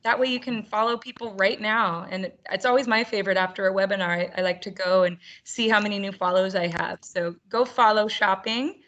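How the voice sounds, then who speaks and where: A woman's voice: mid-range voice, fairly even intonation, a little fast, hardly any pauses, a bit bright, dull audio. A woman hosting an online roundtable for teachers over a video call, upbeat and chatty with frequent laughter. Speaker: webinar host.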